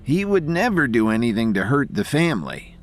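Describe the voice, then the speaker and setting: A man's voice: medium pitch, big pitch swings, brisk, voice pushed up. A man voicing a weak, beaten father who speaks in pained, faint pleas in an audio drama. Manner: pained, faint, breathy pleading.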